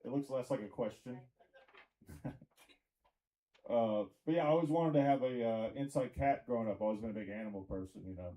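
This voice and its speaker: A man's voice: medium pitch, brisk, long pauses, dark tone, rough recording. A man from Tennessee doing a rambling stand-up comedy set in a comedy club, with crowd work and lots of fillers.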